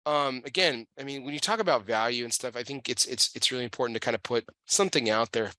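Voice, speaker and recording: A man hosting an interview, talking in a relaxed, halting way with repeated words while he smokes a cigar. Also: medium pitch, no room sound. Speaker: podcast host. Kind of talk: casual interview chat.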